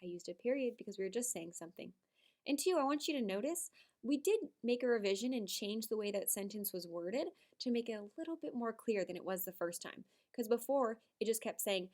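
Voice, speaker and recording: A woman teaching first graders a writing lesson, animated and sing-song, with dramatic emphasis. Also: a little high, brisk. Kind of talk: video writing lesson for young children.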